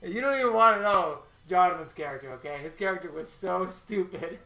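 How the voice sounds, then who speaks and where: A man's voice: sits high, brisk, sharp tone. Chatty man in an echoey room. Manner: rambling, chatty, laughs often. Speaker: artist hosting a storyboarding stream. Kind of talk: casual live-stream chat while working. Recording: echoey room with faint music.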